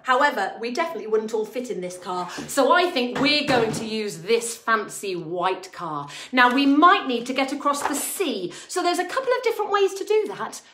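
A woman leading a lively drama class for small children, talking in an animated sing-song way and making playful sound effects. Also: high-pitched, a little hiss or hum. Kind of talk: lively lesson for toddlers. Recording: echoey room with backing music.

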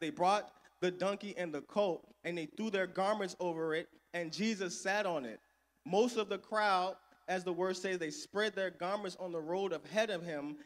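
Preacher guy, high voice, calls out to the crowd, loud then soft, echoey church hall. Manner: call-and-response preaching, swings between loud and soft. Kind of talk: sermon. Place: church sanctuary.

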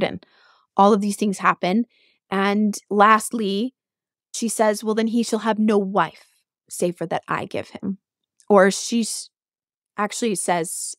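A woman hosts a podcast, retelling an old myth in a chatty, animated way and breaking off for asides to the listener. Her voice sits at an ordinary pitch on a close mic, and the recording is dry. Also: no echo. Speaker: podcast host.

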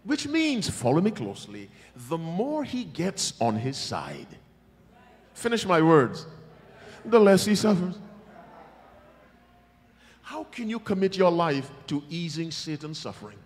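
A male preacher giving a revival sermon, emphatic and teasing, with sudden loud bursts. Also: on the high side, wildly swooping pitch, a little slow. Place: large church hall. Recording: long church hall reverb.

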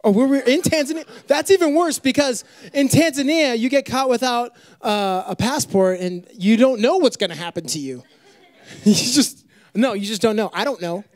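A young adult man preaching a sermon in an animated, joking storytelling manner. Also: very high-pitched, moderate pace, dry recording.

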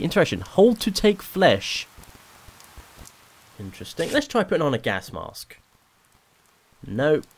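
A man's voice: mid-range voice, a bit bright, a little hiss or hum. A man giving chatty, rambling, self-deprecating commentary while playing a video game. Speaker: let's play host. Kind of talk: casual gameplay commentary.

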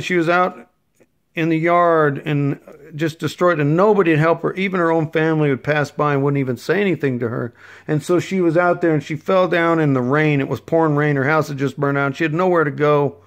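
Man preaching a rambling, earnest sermon. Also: on the high side. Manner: rambling, earnest, with restarts and asides; storytelling. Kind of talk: informal sermon.

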